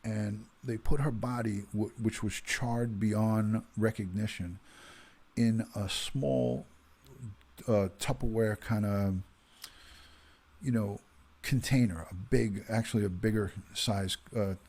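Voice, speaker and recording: A man's voice: fairly low pitch, slow pace, a little mellow, breathy edge. A man in his fifties, a retired detective hosting a casual livestream, chatting with viewers and greeting them by name with plenty of ums and uhs. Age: 50s.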